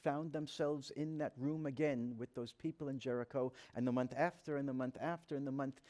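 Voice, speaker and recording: A man's voice: medium pitch, fairly even intonation, brisk, a little mellow. A man, a rabbi, telling a personal story to an audience in an earnest, dramatic way, acting out the dialogue he quotes. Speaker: rabbi giving a talk.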